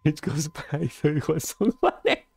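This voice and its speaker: His voice swings widely in pitch, with vocal fry and a slightly rough texture, moving at a moderate pace. A non-native English speaker streaming a game, he rambles in casual chat, restarts a lot, and jokes at himself about his push-to-talk gaming microphone. The low-quality stream audio carries faint music.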